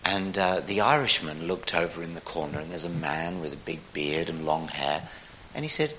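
Chatty New pastor, bright animated voice, joking in church. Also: male voice, low voice, moderate pace, slight background noise. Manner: jokey, rambling, chatty. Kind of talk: sermon.

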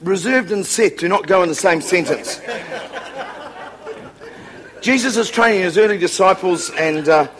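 A man's voice: high-pitched, a bit bright. A man preaching a humorous sermon as a revival preacher, joking and laughing often.

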